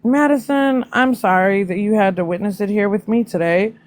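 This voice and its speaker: A woman's voice: mid-range voice, normal speed, darkish tone, dry recording. A woman hosting a casual live stream, reacting to news with blunt, profane asides to her viewers.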